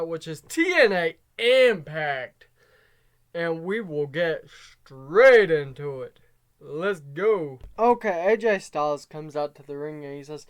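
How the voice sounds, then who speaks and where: A man talks through his wrestling simulation game at an unhurried pace, his voice fairly high for a man and smooth. He reads the characters' promo lines with a bit of extra push and scores each segment as he goes. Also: animated. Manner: reads out promo quotes in a slightly raised voice, rates segments. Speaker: game show narrator. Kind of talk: casual narration of a wrestling sim game.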